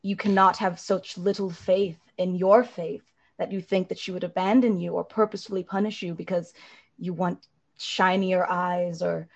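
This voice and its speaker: A compassionate elf adventurer speaks softly and earnestly, as a woman plays her at a tabletop game. Her voice sits low with a gravelly edge. She reassures in a gentle but firm way. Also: fairly even intonation, normal speed, lo-fi sound.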